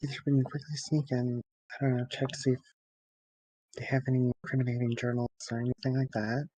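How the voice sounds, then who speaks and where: A man's voice: medium pitch, little pitch movement, fast talker, mellow, dry recording, low-quality recording. Man thinking aloud, dry close sound. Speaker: player. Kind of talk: casual game chat.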